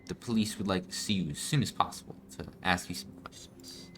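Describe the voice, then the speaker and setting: A man reading the lines of a calm female hospital doctor from a game in a plain read-aloud way. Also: sits low, a little fast, slight background noise.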